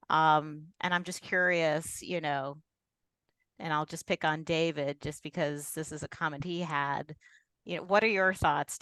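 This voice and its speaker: A woman's voice: low voice, a bit bright, clear, resonant tone, no room sound. A woman on a design commission giving hesitant, politely skeptical feedback with many fillers. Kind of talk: public meeting critique.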